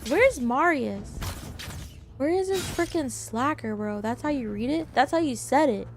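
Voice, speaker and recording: Excitable young woman streamer, high voice. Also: measured pace, a little hiss or hum. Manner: excitable, playfully indignant, jumps to squeals. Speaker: live streamer. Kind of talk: casual live-stream chat with viewers.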